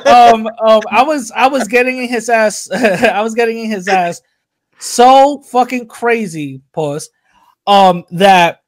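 A man on a casual podcast, telling a heated story with lots of profanity and acted-out quotes. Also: high-pitched. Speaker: podcast co-host.

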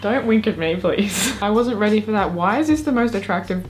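A woman from far North Queensland with an Australian accent, reacting to clips in an excitable, sweary, giggly way. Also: mid-range voice, a little fast, soft background music. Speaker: YouTuber reacting to videos. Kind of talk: casual reaction commentary.

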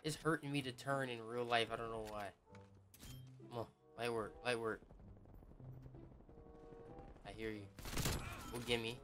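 A man at a mid-range pitch giving casual gameplay commentary, slangy and excitable and quick to curse or shout at the game. Faint game music plays underneath. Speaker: gaming YouTuber.

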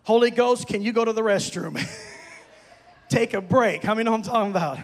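High-voiced gravelly preacher, shouting. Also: male voice, brisk. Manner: storytelling, builds to shouting preaching. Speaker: pastor. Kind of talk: sermon. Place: church sanctuary. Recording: long reverb of a church hall.

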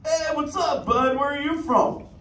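Surfer dude turtle, high bouncy voice, echoey far-off theater with loud music. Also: male voice, a little slow. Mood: laid-back. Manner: surfer slang, drawling and playful. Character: laid-back surfer-dude sea turtle, male, easygoing. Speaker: live show character chatting with the audience.

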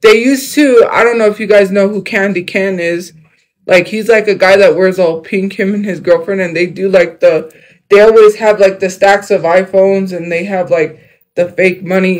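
Young man, high-pitched voice, casual livestream chat, rambling, lots of fillers. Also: fairly even intonation, normal speed, poor audio. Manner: rambling, filler-heavy, jumps between topics.

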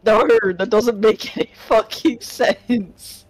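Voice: medium pitch, fairly even intonation, slow pace, a crowd in the background. A friend joining a game stream with short, blunt, sweary quips. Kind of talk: casual gameplay chat.

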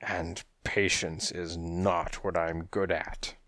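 A man reading an audiobook, voicing a hulking, gravel-voiced gangster cat with a slow, threatening drawl. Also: low-pitched, steady tone, bright, forceful tone, no room sound, studio quality, exaggerated voice. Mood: menacingly patient. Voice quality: raspy, gravelly. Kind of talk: audiobook character voice.

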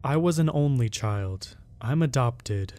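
A man narrating a first-person scary story in a steady, measured way. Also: mid-range voice, no echo.

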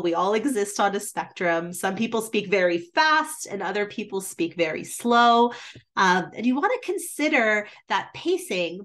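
A woman's voice: mid-range voice, a bit bright. A woman teaching presentation skills in a webinar, shifting her volume and pace for emphasis, with frequent "um" fillers. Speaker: business presentation instructor.

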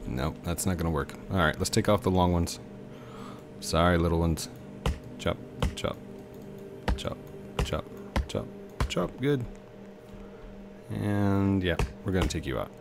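A man's voice: low-pitched, normal speed, over music. A man in his thirties giving casual, rambling commentary as he plays a video game, chatting to the objects on screen. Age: 30s. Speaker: let's play host.

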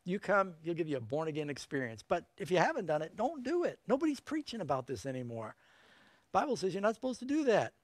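Middle-aged guy preaching a sermon, folksy with little jokes, kinda high voice, dry sound. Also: big pitch swings, fast talker, no echo. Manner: folksy, joking asides, emphatic. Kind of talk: evangelistic sermon.

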